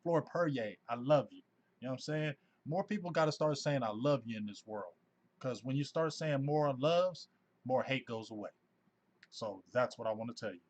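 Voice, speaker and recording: A man in his forties hosting a casual sports fan livestream, talking in an animated, effusive way and reading out viewers' names. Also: medium pitch, moderate pace. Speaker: host of a sports fan live show.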